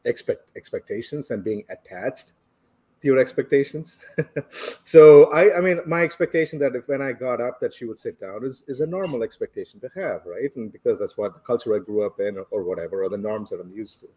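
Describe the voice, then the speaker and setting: A man's voice: mid-range voice, expressive, a little fast, warm tone, breathy edge. A man from India, reflectively telling a personal story as a podcast guest and chuckling along the way. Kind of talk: casual storytelling.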